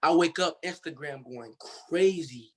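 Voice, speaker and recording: A man's voice: fairly high pitch, unhurried, a bit bright, slightly rough. A young man from Cincinnati, Ohio, telling his story as a guest in a casual interview, in a loose, slangy way full of fillers. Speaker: guest artist.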